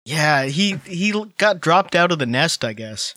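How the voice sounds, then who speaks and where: Male podcast co-host: slightly high and sharply bright, wry and hedging. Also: very animated, unhurried, no echo. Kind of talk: casual podcast banter.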